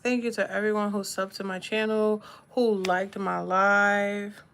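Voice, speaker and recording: A woman's voice: medium pitch, level tone, measured pace, a bit bright, clear, resonant tone. A woman chatting casually with her livestream viewers while she does her makeup and reads comments aloud. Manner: laid-back, talks to chat, reads comments aloud. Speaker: livestream host.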